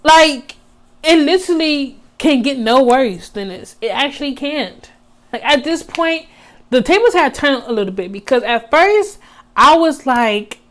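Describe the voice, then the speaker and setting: A woman's voice: sits high, lively intonation, unhurried. A young woman vlogger telling a personal story in a casual, chatty monologue, full of "like" and slang, talking straight to her viewers. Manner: chatty, heavy use of "like" and slang, addresses viewers as y'all.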